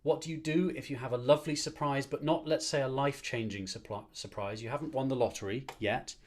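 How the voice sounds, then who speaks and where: A man's voice: medium pitch, steady tone, fairly quick. Male choir conductor, streamed rehearsal; encouraging, upbeat coaching with counted breathing. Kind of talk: online choir rehearsal and warm-up. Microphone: streamed to a screen.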